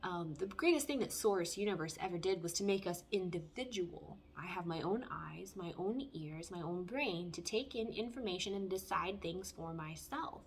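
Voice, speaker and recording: A woman's voice: fairly low pitch, expressive, moderate pace, hardly any pauses, slight background noise. A woman giving a casual spoken tarot reading, talking in a frank, blunt and heartfelt way. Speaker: tarot reader.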